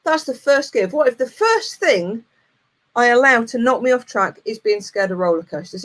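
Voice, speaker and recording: A woman in her forties talks straight to camera as a motivational coach. Her voice sits a little high, and she tells a personal story in a lively, frank, plain-spoken way. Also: normal speed. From United Kingdom. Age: 40s.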